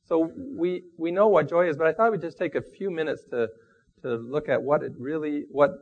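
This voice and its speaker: Man, preacher, sermon, halting and thoughtful, self-deprecating, muffled lo-fi recording. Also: on the high side. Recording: dull lo-fi recording.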